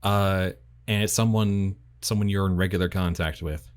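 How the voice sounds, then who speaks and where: A game master with a somewhat low voice talks casually through character creation. He laughs easily and trips over his phrases, keeping things relaxed. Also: normal speed, clear, resonant tone. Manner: chatty, laughs often, restarts phrases. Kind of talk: casual chat running a tabletop session.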